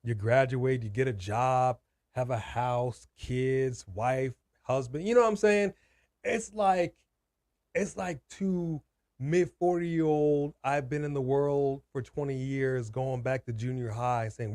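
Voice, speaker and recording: A man's voice: medium pitch, slow pace, darkish tone, dry recording. A man co-hosting a live watch-party stream, venting hard and hammering his points home again and again. His voice sits in an ordinary middle range. The sound is dry and close, with no room around it. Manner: ranting, emphatic, repeats his points. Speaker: co-host.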